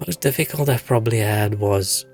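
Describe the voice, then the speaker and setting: Soft background music accompanies a young adult man from South Africa who streams a game while rambling through stories. His voice is lowish and moderately paced, and he swears freely in this casual chat.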